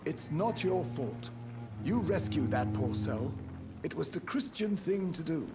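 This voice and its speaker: A man's voice: a little high, expressive, measured pace, over loud music. An actor playing a pious, earnest male hospital doctor who laments the hospital's failures, heard at a distance in a video game. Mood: sorrowful.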